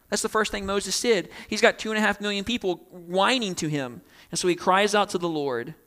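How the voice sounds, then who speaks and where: Young guy pastor giving a sermon, bright forceful voice, acts out the quotes. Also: sits high.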